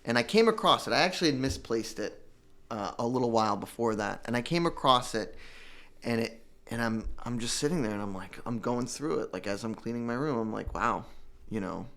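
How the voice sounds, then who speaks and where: A young man telling his own recovery story in an earnest, halting way, repeating words and fighting back tears. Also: mid-range voice, expressive, a bit bright. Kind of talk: emotional personal testimony.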